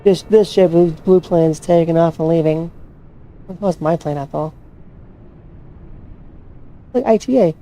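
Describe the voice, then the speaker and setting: A woman's voice: on the low side, unhurried, pauses often, warm tone. A woman casually commenting to herself while playing a flight simulator, swearing freely as she hunts for her plane. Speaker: flight sim streamer.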